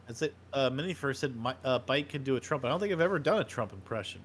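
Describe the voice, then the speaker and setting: A man's voice: medium pitch, expressive, fast talker, slight background noise. Jokey man in casual banter. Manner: jokey, does celebrity impressions. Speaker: podcast co-host.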